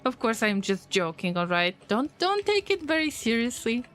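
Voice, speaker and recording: A woman's voice: fairly high pitch, big pitch swings, moderate pace, fairly bright tone, soft background music. A woman streaming a game, chatting casually with her viewers in a playful, teasing way and answering their messages with jokes. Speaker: gaming streamer. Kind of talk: casual live-stream chat while playing.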